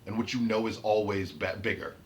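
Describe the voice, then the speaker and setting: In an unscripted vlog to camera, an autistic man rants about his autism, heated and emphatic, repeating and restarting phrases. His voice is lowish and brisk, with a little hiss or hum in the recording.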